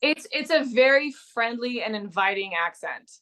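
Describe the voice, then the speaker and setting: A woman's voice: fairly high pitch, lively intonation, normal speed, a bit bright. A woman from Quebec, an actress whose first language is French, chatting in an interview with a trained, nearly neutral American accent and frequent laughter. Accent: trained general American, light Quebec French traces. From Quebec, Canada. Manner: bubbly, laughs often, playful. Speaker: actress guest. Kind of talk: casual interview chat.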